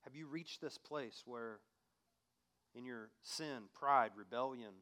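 A man preaching a sermon who reads scripture aloud and asks the listener direct questions. He swings between loud, emphatic passages and quiet, hushed appeals. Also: medium pitch, slow pace. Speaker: pastor.

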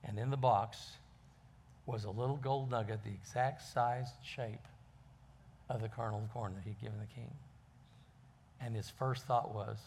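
A man preaches in a mid-pitched voice. He tells his sermon as a folksy story, easing in with ums and uhs. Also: moderate pace, creaky, darkish tone, slight background noise.

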